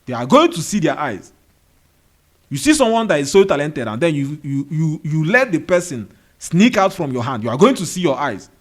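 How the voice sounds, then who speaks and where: A motivational video host with a Nigerian accent delivers a monologue in an indoor room where a fan is running, firing off rhetorical questions and repeating key phrases. His voice is fairly high, with big pitch swings and a moderate pace.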